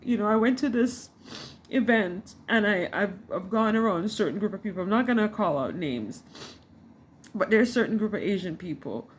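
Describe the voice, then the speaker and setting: A woman's voice: mid-range voice, lively intonation, normal speed. A middle-aged woman from the Caribbean, talking to camera in a rambling, frustrated way with many restarts. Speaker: vlogger. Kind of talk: casual talk to camera. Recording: faint background noise.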